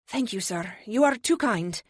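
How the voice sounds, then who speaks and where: A wary young woman on the run, voiced by the narrator, polite and a little flustered. Her lines rise and fall lively, heard in a dry, close audiobook recording. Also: medium pitch, a little slow, slightly rough, dry recording, pitched above the performer's own voice.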